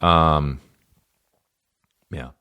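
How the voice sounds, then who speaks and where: A man's voice: very deep voice, steady tone, extremely slow, pushed and bright, clear, resonant tone. A man hosting a solo comedy podcast, reading out fan questions and riffing in a profane, sarcastic way. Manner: profane, sarcastic, jumps into mocking voices.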